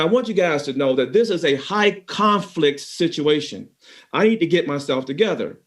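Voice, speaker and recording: A man giving a motivational talk to managers, telling a story and speaking straight to the audience. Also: fairly high pitch. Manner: animated storyteller, addresses the audience directly.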